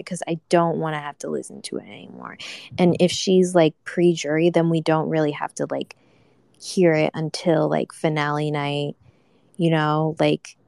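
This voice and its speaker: A woman's voice: deep voice, creaky, dark tone, smooth, no room sound, clean studio sound. A young woman giving a live reaction to a reality show, ranting casually with swearing and lots of fillers. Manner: ranting, profane, many fillers.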